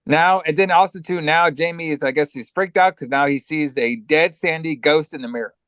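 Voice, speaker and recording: A man's voice: on the high side, brisk, a bit bright, clear, resonant tone, no echo. A man co-hosting a podcast, casually recapping a movie in a rambling, profane way and acting out lines. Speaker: podcast co-host.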